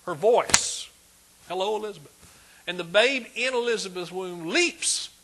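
High, husky-voiced male preacher. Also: animated, measured pace. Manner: emphatic, swings between loud and hushed. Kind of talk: sermon.

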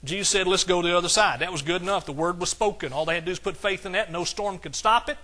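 A man preaching a sermon as pastor, with emphatic lines that swing from soft to hollering. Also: sits high, quick pace.

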